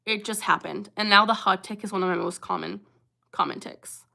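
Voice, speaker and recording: Young woman, livestream host, bright voice, casual chat, earnest, vocal tics. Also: mid-range voice, steady tone, a little fast, vocal fry.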